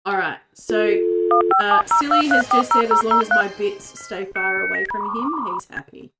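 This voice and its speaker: A woman's voice: mid-range voice, normal speed, loud music behind the voice. A woman streamer chatting casually while she plays a game, giggling and rambling. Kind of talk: casual gaming chat.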